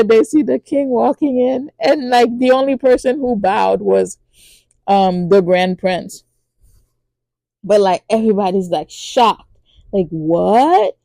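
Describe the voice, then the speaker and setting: A woman hosting a podcast who recaps a TV drama in a casual, animated way, with lots of fillers and acted-out lines. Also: gravelly, dry recording. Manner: acts out characters' lines in high voices. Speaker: podcast host reviewing a TV drama.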